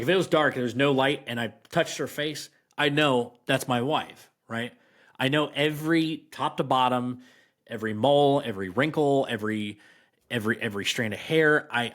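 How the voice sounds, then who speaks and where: A man of middle pitch telling a personal story as a podcast guest, rambling through fillers and restarts. He slows down and leans on key phrases for emphasis, keeping the tone conversational. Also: a bit bright. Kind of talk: casual storytelling.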